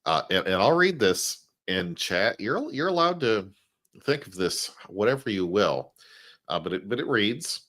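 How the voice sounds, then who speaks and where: Deep-voiced man, wry and joking. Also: big pitch swings, a little slow, sharp tone. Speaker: co-host. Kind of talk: casual comic review chat.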